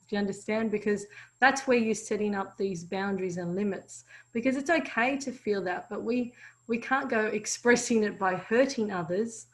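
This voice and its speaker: A woman's voice: mid-range voice, moderate pace, rough recording. A woman co-teaching a parenting course, sharing stories from home and laughing between points.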